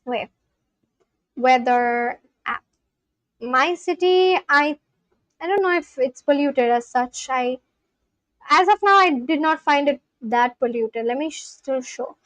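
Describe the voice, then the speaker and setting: Woman, high voice, dry sound, loose streaming chat with lots of restarts. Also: takes it slowly, pauses often, no room sound. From India. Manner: thinks aloud, answers chat questions, repeats practice phrases with many restarts. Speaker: livestreamer learning a language. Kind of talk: casual live-stream chat.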